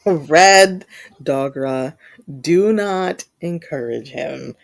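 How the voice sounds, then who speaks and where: A woman's voice: on the low side, expressive, gravelly. A woman co-hosting a casual podcast chat, teasing her partner and laughing often. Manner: teasing, giggly, quick to laugh. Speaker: podcast co-host.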